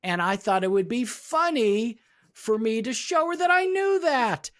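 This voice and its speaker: A man's voice: very high-pitched, animated, measured pace, fairly bright tone. A man co-hosting an HR podcast who tells stories in casual chat and acts out the dialogue of the people in them. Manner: storytelling, acting out quoted dialogue. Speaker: podcast co-host, HR professional.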